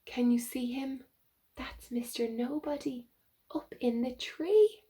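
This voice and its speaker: Slow, expressive woman reading a children's story. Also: high-pitched. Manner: slow, expressive, with soft whispered asides. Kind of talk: reading a picture book aloud to children.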